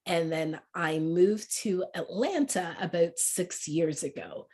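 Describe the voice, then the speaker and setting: A woman with a mixed English, Canadian and Jamaican accent, giving an animated motivational talk on a video call. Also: on the low side, takes it slowly, slightly rough. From born in England, raised in Canada. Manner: warm, laughing, animated, quotes people in lively voices. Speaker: guest speaker, life coach.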